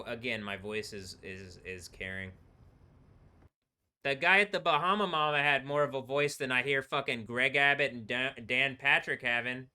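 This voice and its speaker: Over a computer microphone, a man with a fairly low-pitched voice that sounds pushed, bright, clear and resonant rambles through a solo livestream. He swears freely and laughs between his comments.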